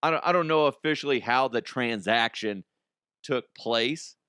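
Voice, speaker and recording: A man's voice: mid-range voice, normal speed, a bit bright, clean tone, no echo, clean studio sound. A man hosting a comedy news show, reacting with swearing and laughter. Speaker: host.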